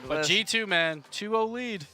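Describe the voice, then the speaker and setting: A man hosting a live esports analysis desk, talking excitedly and laughing often. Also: high voice, a little slow, music in the background.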